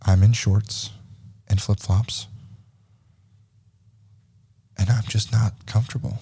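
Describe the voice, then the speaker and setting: A man in his thirties, a podcast host telling a story in casual chat, animated and profane, acting out the dialogue. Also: lowish voice, moderate pace, breathy edge.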